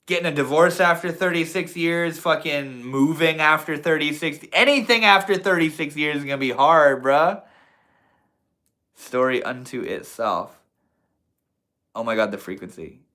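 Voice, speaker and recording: Young male streamer with a bright, forceful voice. Laid-back, slangy and swears freely while chatting with his viewers. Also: fairly high pitch, normal speed. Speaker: livestream host. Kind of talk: casual livestream chat reading comments.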